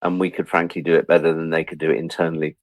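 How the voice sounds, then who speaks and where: A middle-aged man appears as a guest in a casual interview, telling stories animatedly and acting out the voices of the people he quotes. His voice rumbles low and races along, and the recording is dry.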